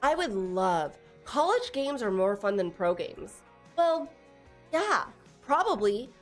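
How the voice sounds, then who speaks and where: A woman's voice: medium pitch, very animated, takes it slowly, faint music behind. A young woman from Texas chatting casually on a live stream, laughing often and teasing her viewers as she reads their messages. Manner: giggly, teasing, reads chat aloud.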